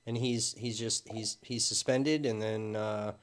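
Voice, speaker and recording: With a lowish voice, fairly even intonation and a measured pace, a man talks as a journalist guest in a casual interview. He sounds conversational, slightly hesitant, and frequently agrees.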